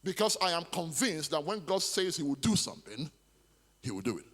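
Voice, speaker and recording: A man's voice: fairly high pitch, very animated, a little fast, a bit bright. A man preaching a sermon as pastor, with emphatic repetition and stammered restarts. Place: large church hall. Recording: long church hall reverb.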